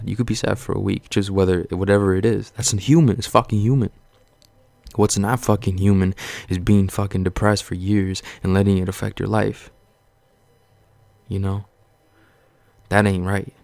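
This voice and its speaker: A man's voice: fairly low pitch, gravelly, darkish tone, no echo. A man vlogging a casual, earnest pep talk, blunt and profane, circling back over the same points again and again. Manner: blunt, profane, rambling and repetitive; earnest, reassuring. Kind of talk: casual motivational rant to camera.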